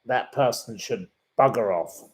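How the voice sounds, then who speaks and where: A man's voice: medium pitch, unhurried, very noisy. A man hosting a casual livestream, reading out viewer comments in an indignant, repetitive manner. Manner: indignant and plummy, repeats himself. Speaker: livestream host. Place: sitting room.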